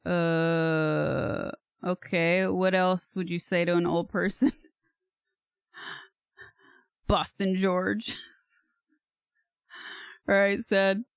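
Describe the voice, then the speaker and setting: Slow, hesitant woman streamer. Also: lowish voice, level tone, gravelly, clear, resonant tone, no room sound, clean studio sound. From California. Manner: hesitant, thinking aloud, laughs at herself. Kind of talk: casual livestream chat.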